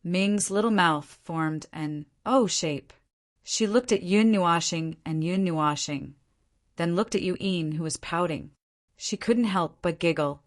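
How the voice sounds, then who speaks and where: A woman narrating a translated fantasy novel as an audiobook, reading in a steady storytelling manner. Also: on the low side, a little slow. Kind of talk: scripted narration.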